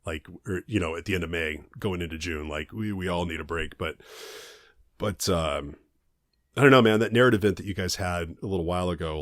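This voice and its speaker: A man's voice: low voice, fairly quick, no echo, clean studio sound. A man co-hosting a casual podcast chat, enthusiastic and profane, laughing often. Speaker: podcast co-host.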